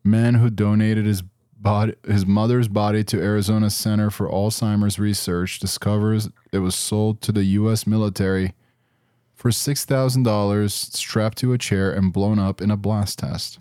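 A man in his thirties, a podcast co-host, making crude deadpan jokes in casual chat. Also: lowish voice, normal speed, clean tone, no room sound, studio quality.

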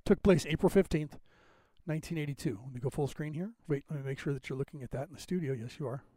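A man's voice: fairly high pitch, quick pace, dark tone, no echo. Chatty, rambling West Coast American man. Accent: General American, West Coast. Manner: rambling, chatty, thinks aloud while fixing the screen. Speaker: podcast host. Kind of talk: casual livestream commentary.

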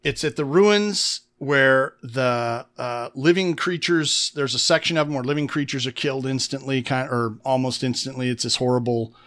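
A man's voice: mid-range voice, normal speed, hardly any pauses, a bit bright. A man co-hosting a podcast, casually recapping a tabletop game episode with enthusiasm and making little mouth sound effects as he tells it. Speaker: podcast co-host. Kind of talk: casual chat recapping an actual-play game.

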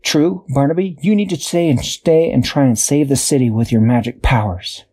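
A man's voice: medium pitch, moderate pace, dark tone, breathy edge, close to an everyday voice. A man voicing a decisive female character in a bedtime story, giving orders. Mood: determined.

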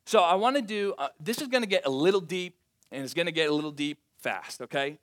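Guy preaching a sermon, pretty high voice, emphatic, keeps restarting and asking the congregation stuff. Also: expressive, quick pace. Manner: emphatic, with frequent restarts and rhetorical questions to the congregation. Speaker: pastor.

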